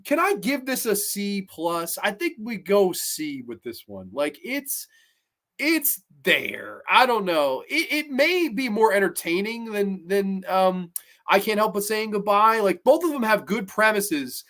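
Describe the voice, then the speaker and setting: A man's voice: sits high, sing-song, measured pace, fairly bright tone. A man hosting a casual review show, rambling and profane with lots of filler words. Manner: mimics characters in exaggerated voices. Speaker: host reviewing horror episodes.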